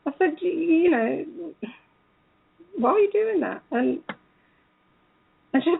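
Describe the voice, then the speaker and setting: A woman's voice: high voice, measured pace, gravelly, long pauses, slightly rough, phone-quality sound. A woman telling a story in a casual way, acting out the lines of the people in it. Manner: animated, acts out quoted dialogue. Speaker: speaker recounting a police encounter.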